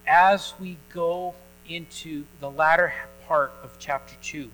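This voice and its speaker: A male pastor preaching a sermon in a church, telling a story in a relaxed conversational way with frequent pauses and restarts. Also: high-pitched, poor audio.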